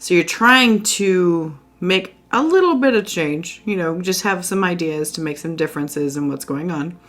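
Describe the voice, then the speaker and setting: A woman's voice: on the low side, lively intonation, normal speed, a bit bright. A woman giving a casual tarot reading at home, chatty and reassuring, with lots of fillers. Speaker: tarot reader. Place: indoors at home by a window.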